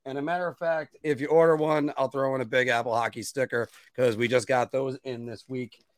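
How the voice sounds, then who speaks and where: A man's voice: mid-range voice, fairly even intonation, brisk, no room sound, clean studio sound. A man hosting a hockey podcast, chatting casually and plugging merchandise between questions to his co-host. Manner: upbeat, plugs merch and sponsors. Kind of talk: casual sports chat.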